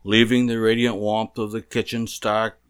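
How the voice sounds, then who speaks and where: A man reads from a memoir about his own family, recounting it in a measured, plain storytelling style. His voice is lowish and smooth, with a flat delivery.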